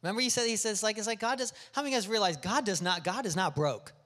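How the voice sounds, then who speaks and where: A pastor speaks in a high voice, animated and quick to ask the congregation questions. His words ring out in the long reverb of a large hall. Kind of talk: sermon. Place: church sanctuary.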